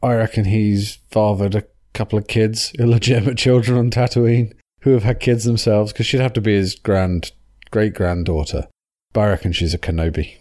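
A man's voice: on the low side, fairly even intonation, normal speed, darkish tone. A man hosting a podcast in casual chat, jokey and rambling, laughing often. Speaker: podcast host.

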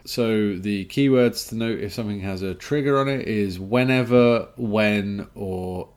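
A chatty man with a fairly low voice, rattling through a casual podcast conversation. He talks fast and laughs easily between points. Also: a little mellow. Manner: chatty and quick, laughs often. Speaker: podcast co-host. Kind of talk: casual chat.

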